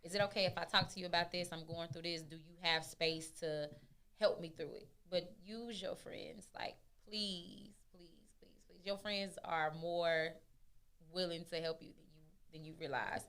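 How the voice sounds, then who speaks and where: Bright, emphatic Texan woman. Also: lowish voice, fairly even intonation, moderate pace, smooth. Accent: Texas. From Midwest. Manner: emphatic, playful, repeats words for stress. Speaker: podcast co-host. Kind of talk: casual chat.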